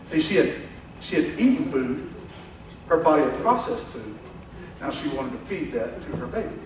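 A man preaching a sermon as pastor, animated, acting out quoted voices and dropping from loud to hushed. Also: high-pitched, fairly quick, a little hiss or hum. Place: church sanctuary. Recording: echoey church hall from far off.

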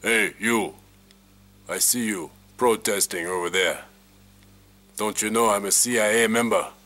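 A menacing male government agent, as a ranting man puts him on, drops into a low, breathy whisper. The voice sits deep and moves at a slow, deliberate crawl, with faint music underneath. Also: pushed and bright. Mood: bossy.

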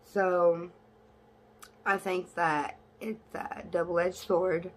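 A young woman vlogging in a casual, blunt and sassy way, cursing freely, with her voice jumping high when she is exasperated. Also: little pitch movement, very slow. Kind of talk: casual talk to camera.

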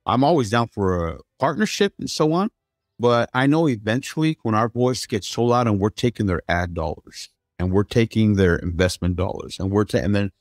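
Earnest low-voiced man, dry sound. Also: animated, moderate pace, dry recording. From United States. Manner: earnest, emphatic, with repeated restarts. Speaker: guest, streaming platform founder. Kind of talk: conversational interview.

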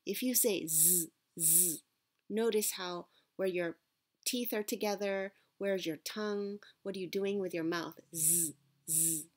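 A woman teaching Japanese pronunciation in a patient, deliberate classroom manner, modelling sounds for her students. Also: lowish voice, darkish tone. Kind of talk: classroom-style lesson.

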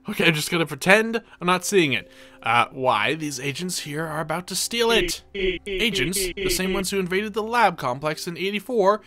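A man giving excitable let's play commentary, reading game dialogue aloud and yelping when things go wrong. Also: sits high, normal speed. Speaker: gaming video creator.

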